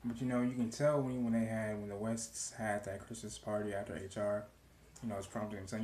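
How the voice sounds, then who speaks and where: A man's voice: fairly low pitch, little pitch movement, brisk, darkish tone. A young man casually recapping a TV episode, loose and profane, with lots of "you know" fillers. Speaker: TV show reaction vlogger. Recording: echoey room with faint noise.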